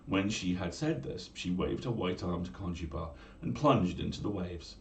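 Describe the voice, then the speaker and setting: A man reading a fairy tale aloud at home in a measured, old-fashioned style for a bedtime story stream. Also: low-pitched, gravelly, reverberant, far from the mic, slight background noise.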